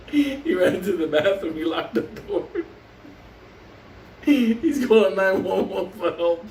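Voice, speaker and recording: A man's voice: high-pitched, creaky, darkish tone, distant mic, slight background noise. Profane laughing New man storyteller. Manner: profane, laughs through the story, acts out quoted voices. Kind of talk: casual storytelling. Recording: roomy, off-mic with faint ambience.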